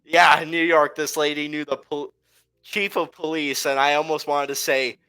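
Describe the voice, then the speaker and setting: A man's voice: fairly high pitch, flat delivery, moderate pace, sharp tone, smooth, rough recording. A man co-hosting a casual chat, telling a travel story with lots of fillers and laughter. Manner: rambling, filler-heavy, laughs while telling. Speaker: podcast co-host.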